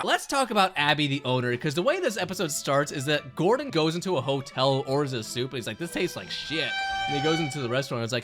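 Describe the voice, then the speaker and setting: A man's voice: fairly high pitch, fast, music in the background. A young man giving casual, sarcastic commentary, swearing freely and laughing as he ranks things. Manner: animated, profane, sarcastic, laughs often. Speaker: commentary video host.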